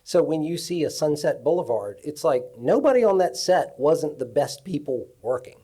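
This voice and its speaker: A man on a cinematography panel, telling lively stories from his career at a live festival event. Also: fairly high pitch, moderate pace. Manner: animated storyteller. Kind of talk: anecdotal panel talk.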